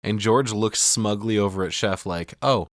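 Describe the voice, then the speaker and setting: A man's voice: lowish voice, steady tone, moderate pace, no room sound, clean studio sound. A man hosting a podcast, recapping a film casually, swearing freely and acting out the characters' lines as he retells the scenes. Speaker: podcast host.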